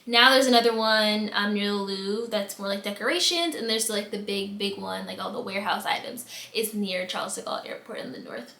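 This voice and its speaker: An American vlogger tells embarrassing stories in a casual storytime video, replaying her own reactions dramatically with big swings in voice. Her medium-pitched voice is fairly quick with vocal fry and hardly any pauses, recorded in an echoey room.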